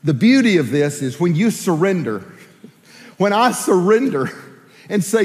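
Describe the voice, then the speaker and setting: Male pastor, high and lively voice, preaching in a hall with long reverb. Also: unhurried. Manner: animated, acts out prayers in playful voices. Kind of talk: sermon.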